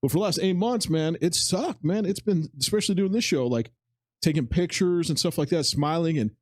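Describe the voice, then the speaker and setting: A man's voice: fairly high pitch, brisk, no echo. A man hosting a podcast, telling a story in loose, informal chat and acting out both sides of the conversations, with some mild swearing. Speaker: podcast host.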